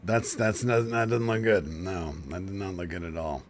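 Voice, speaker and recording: A man's voice: low-pitched, slow pace, long pauses, a little hiss or hum. A man streaming a game, casual and laid-back, swearing often and sounding tired and yawning. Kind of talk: casual live-stream commentary.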